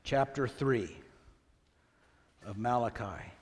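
A man's voice: medium pitch, slow pace, big-room sound. A man preaching a sermon as pastor, reading scripture aloud with rising emphasis and asking the congregation questions.

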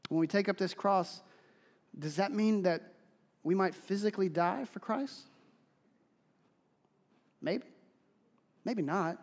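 A man preaching a sermon as pastor, telling stories in an animated, emphatic way. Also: high-pitched, takes it slowly, long pauses. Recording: long hall reverb.

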